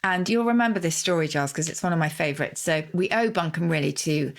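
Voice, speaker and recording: A middle-aged woman, co-hosting a podcast and explaining word origins with relish and quick asides. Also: low voice. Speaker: co-host, word expert.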